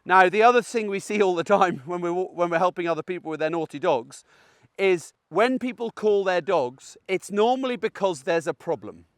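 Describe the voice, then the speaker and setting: A middle-aged man's high, animated voice comes through at normal speed on a dry, clean studio recording. He's a dog trainer walking in a field, explaining recall training in a chatty, conversational outdoor tutorial and checking in with "okay?".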